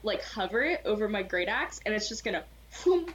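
A woman's voice: medium pitch, fast talker, a bit bright, highs cut off, a little hiss or hum. A woman playing a tabletop role-playing game, describing her character's actions casually and laughing often. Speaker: player.

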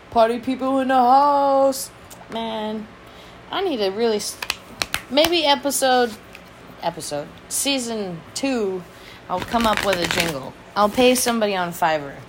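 A woman's voice: mid-range voice, animated, unhurried, pauses often, noisy background. A woman hosting her own show, telling a rambling personal story in casual chat, swearing freely, laughing often and making fun of herself. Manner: self-mocking, rambling asides. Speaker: vlog host.

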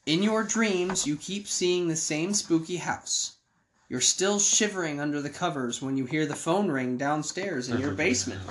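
Man with a fairly high voice reading a story game. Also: moderate pace, fairly bright tone. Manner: joking asides between read passages. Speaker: game reader.

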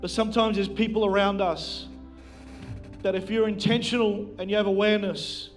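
Animated high-voiced male preacher. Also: moderate pace, faint music behind. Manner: animated storytelling, self-deprecating jokes to the congregation. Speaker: pastor. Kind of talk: sermon with personal story. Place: church, speaking to a live congregation. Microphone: handheld microphone.

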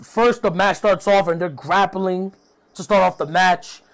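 A man's voice: sits high, fairly even intonation, a little slow, gravelly. A young man giving a loose, profane review of a wrestling show, with plenty of fillers and asides. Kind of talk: casual recap commentary.

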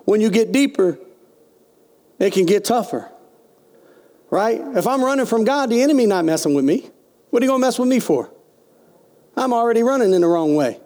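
A man's voice: high-pitched, animated, brisk, long pauses, a little mellow. A man preaching a sermon as pastor, calling out questions to his congregation. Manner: folksy preaching with call-and-response.

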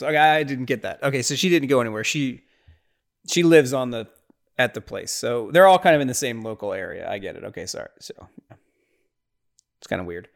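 Male podcast host, mid-pitched voice, chatty watch-along commentary, rambles and reacts with exasperated bursts. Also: expressive, normal speed, gravelly, pauses often.

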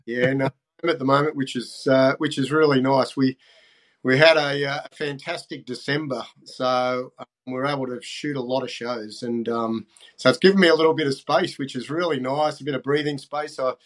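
An older man, a fishing TV presenter as guest, talking in a relaxed, halting way with many ums. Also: mid-range voice. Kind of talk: casual interview talk.

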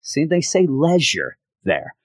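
A man's voice: fairly high pitch, huge pitch swings, slow, dry recording, studio quality. A man hosting a podcast, reviewing comic books in a casual, sarcastic way and acting out scenes in mock voices. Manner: sarcastic and exasperated. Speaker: podcast host.

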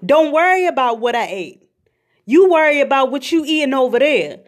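A woman voicing her fussy, doting old grandmother in a high, drawn-out, scolding voice. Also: lively intonation. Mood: fussing.

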